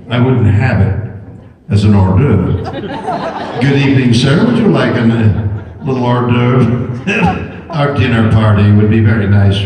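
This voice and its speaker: Older man telling tales in a big hall. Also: on the high side. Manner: animated, repetitive restarts, jokey. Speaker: convention panel guest. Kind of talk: anecdotal storytelling to an audience. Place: large convention hall. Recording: echoey hall recorded from far back.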